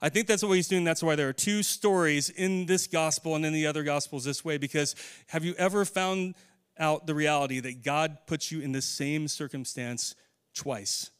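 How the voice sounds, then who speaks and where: Earnest preacher man, clear voice. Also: on the high side, fairly even intonation. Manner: earnest, slows and softens for prayer. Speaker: pastor. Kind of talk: sermon.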